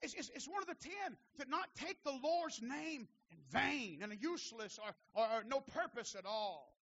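A man preaching a sermon as pastor, building from steady teaching to fervent shouted calls and then falling back to quiet asides, repeating phrases for emphasis. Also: very high voice, moderate pace, creaky, highs cut off.

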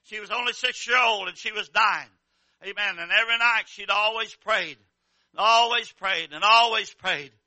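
Older male revival preacher, high voice, fervent repetitive cadence, low murmurs to shouts. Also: moderate pace, dry recording. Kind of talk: revival sermon.

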